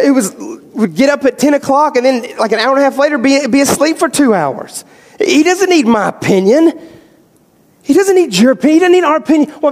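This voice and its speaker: A man preaching a sermon as pastor, animated, moving between loud emphasis and quiet storytelling. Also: very high-pitched. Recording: hall reverb.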